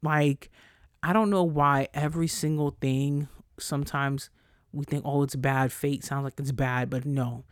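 A man hosting his own podcast alone, talking casually in a blunt, profane, animated way as he gives his listeners a pep talk. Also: medium pitch, unhurried, clear, resonant tone, no echo, clean studio sound. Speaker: podcast host.

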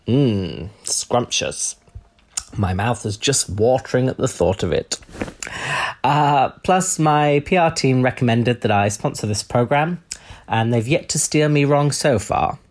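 A man doing a comic impression of a pompous, self-pitying posh middle-aged royal man. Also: mid-range voice. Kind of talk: comedic impression.

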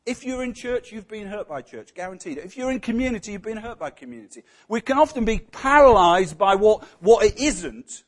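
A man's voice: sits high, very animated, brisk, few pauses. A man preaching a sermon in a conversational way, often putting questions to the congregation.

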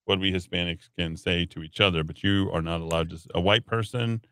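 A man's voice: low-pitched, brisk, pushed and bright, clear, resonant tone, no echo, studio quality. A man hosting a talk radio show, reading listener texts aloud with sarcastic jokes. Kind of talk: casual radio banter.

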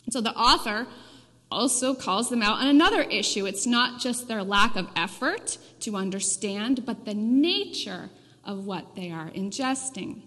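A woman's voice: medium pitch, lively intonation, unhurried, fairly bright tone. A woman preaching a sermon in a church, telling a story in a conversational way. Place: church sanctuary. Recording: reverberant church hall.

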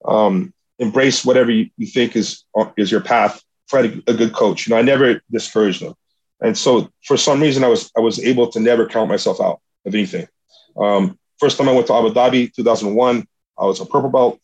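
A husky-voiced man talks through his past in a casual, earnest way and keeps coming back to a motivational point. His voice sits at an ordinary middle pitch. The recording is dull and lo-fi. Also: brisk, darkish tone. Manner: earnest, motivational, rambling retelling. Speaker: jiu-jitsu athlete. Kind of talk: casual storytelling.

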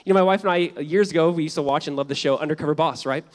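A man preaching a sermon as pastor, animated and conversational, switching between loud emphatic lines and hushed ones, with casual fillers and wry asides. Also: on the high side, rapid-fire.

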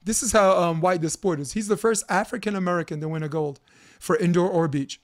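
A man with a high voice hosts a casual podcast chat. He spins animated stories, swears freely and breaks into laughter often. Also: brisk. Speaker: podcast host and volleyball coach.

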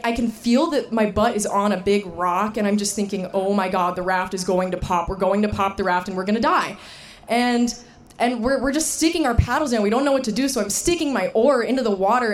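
A woman with a fairly high voice tells a personal story to a live audience. She is animated and emphatic, dropping in laughs as she goes.

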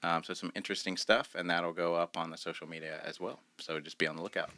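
A percussionist guest on a casual podcast, talking hesitantly with fillers. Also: male voice, deep voice, steady tone, fast, bright, forceful tone, no room sound.

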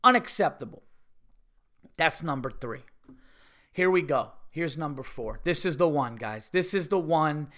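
A man's voice: a little high, lively intonation, unhurried, long pauses, a bit bright. A man hosting a podcast, delivering a comedic rant with profane, fired-up energy. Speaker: podcast host.

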